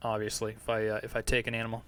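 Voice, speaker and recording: A man's voice: fairly low pitch, completely flat delivery, rapid-fire, fairly bright tone, smooth, no room sound. A man hosting a podcast, answering listener questions in a loose monologue that is profane and full of fillers. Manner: rambling, profane, heavy on fillers. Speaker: podcast host.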